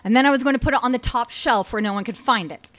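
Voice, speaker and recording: A young woman with a slightly high voice tells a personal story, wry and lively, building each beat toward a punchline. Her comic timing carries the telling. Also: fast.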